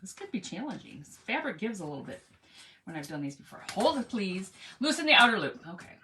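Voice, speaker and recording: Chatty woman doing a craft livestream, bright voice, rambles and greets people by name. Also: mid-range voice, very animated, fast talker, slight background noise. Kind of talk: casual chat while crafting.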